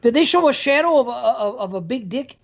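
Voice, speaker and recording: A man's voice: very high-pitched, animated, a little fast, gravelly. A man co-hosting a podcast, giving blunt, joking takes in a casual movie review chat. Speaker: podcast co-host. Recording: muffled lo-fi audio.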